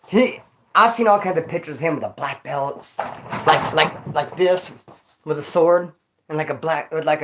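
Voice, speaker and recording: A man tells stories into his phone for a casual vlog, winded after exercising, using street slang and calling the listener dog and homie. His voice is fairly high-pitched, with background noise in the recording.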